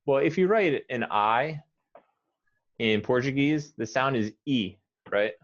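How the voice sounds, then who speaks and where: A man with an American accent teaching English pronunciation one-on-one, modelling words slowly and repeating them patiently. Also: medium pitch, lively intonation, lo-fi sound.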